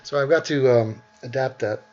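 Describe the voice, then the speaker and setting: A man's voice: mid-range voice, moderate pace, a little mellow. A man who is sick, hosting a casual chat in a blunt, scornful and profane way, laughing often. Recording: dull lo-fi audio.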